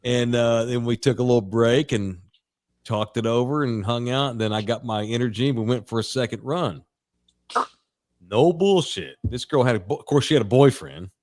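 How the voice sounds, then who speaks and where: A man's voice: medium pitch, moderate pace, darkish tone. A man in his forties, a podcast co-host, telling a long crude anecdote in a casual, rambling way with plenty of profanity. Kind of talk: casual sports podcast storytelling.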